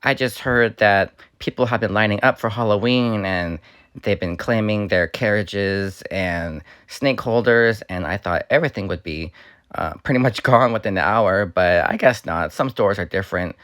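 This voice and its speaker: Male vlogger, slightly raspy and rambling, lowish voice, dry close recording. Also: moderate pace, fairly bright tone, dry recording. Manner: rambling, with fillers and restarts. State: slightly raspy, recovering from illness. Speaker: YouTuber. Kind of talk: casual voice-over for a store walkthrough.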